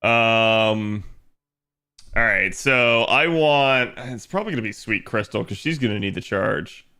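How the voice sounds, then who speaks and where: A man's voice: lowish voice, lively intonation, unhurried, pushed and bright, clean tone. A man chatting casually on a livestream, rambling with lots of fillers and frequent laughter. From United States. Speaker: streamer.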